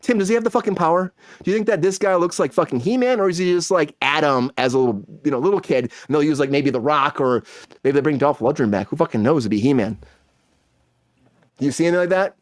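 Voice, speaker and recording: Male podcast host, rapid-fire and profane, higher voice, dry close sound. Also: no echo. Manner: excitable, profanity-heavy ranting. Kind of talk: casual pop-culture chat.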